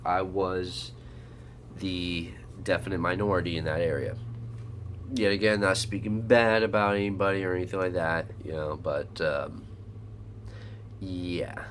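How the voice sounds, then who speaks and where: A man's voice: low-pitched, fairly even intonation, measured pace, fairly bright tone, a little hiss or hum. A man vlogger telling a personal story in a casual, rambling, profane way, full of fillers and blunt asides.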